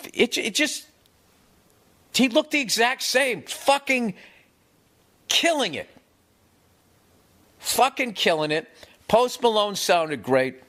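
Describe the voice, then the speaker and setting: A man in his fifties telling rambling, profane stories in a casual rant, animated and quick to swear. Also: sits high. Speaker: comedian. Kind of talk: casual podcast-style rant.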